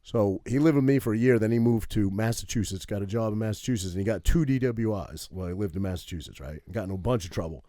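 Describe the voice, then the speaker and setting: A podcast co-host from Maine tells a long, profane, animated story, peppering his sentences with "right?" His voice is fairly low, and he talks fast with hardly any pauses. The recording is clean studio sound with no room sound.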